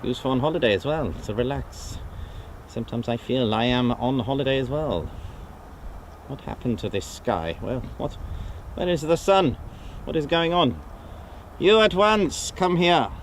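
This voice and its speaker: A man's voice: mid-range voice, lively intonation, a little hiss or hum, lightly acted. A man putting on a mock German accent to play a bossy German man who fires off questions and orders, recorded outdoors. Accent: put-on German. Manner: bossy, questioning, slow and deliberate. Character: blustering German man bossing people about. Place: outdoors by an airfield.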